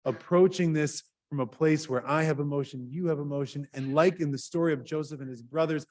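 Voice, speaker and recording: Rabbi, male, slightly higher voice; earnest conversational sermon from the bimah, relaxed with ums. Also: fairly quick. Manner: earnest, conversational, with fillers and lively swings in loudness. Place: synagogue sanctuary.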